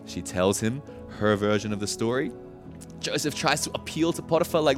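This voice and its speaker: A man preaching a sermon as a pastor, telling a story in a lively way with laughs and asides. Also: medium pitch, moderate pace, over music.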